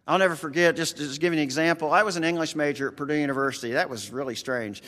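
A man's voice: on the high side, fast, pushed and bright, long reverb tail. A man with a rural American accent preaching a conversational sermon, earnest and folksy, talking straight to his congregation.

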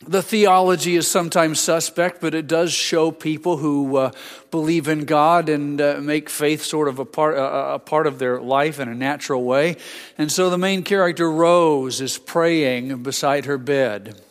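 A man's voice: a little high, steady tone, a little slow, in a large hall. An older man preaching a sermon as a pastor, conversational, with frequent restarts and asides.

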